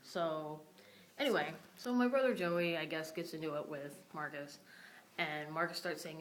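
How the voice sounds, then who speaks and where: Upset young woman venting, low voice. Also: normal speed, background noise. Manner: upset, venting, swearing freely. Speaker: vlogger. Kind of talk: casual vlog rant.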